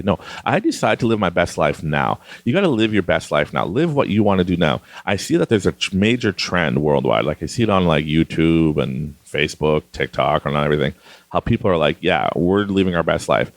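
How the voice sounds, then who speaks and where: A man's voice: deep voice, sing-song, moderate pace, vocal fry, no echo. A middle-aged man from Canada hosting a podcast, rambling casually and laughing often as he talks. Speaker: podcast host. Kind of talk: casual monologue.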